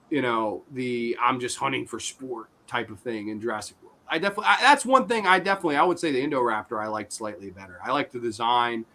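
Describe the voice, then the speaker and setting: A man's voice: medium pitch, a bit bright. A man hosting a casual film podcast, talking in a rambling way with restarts and the odd curse word. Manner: rambling, with frequent restarts and swearing. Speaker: podcast host.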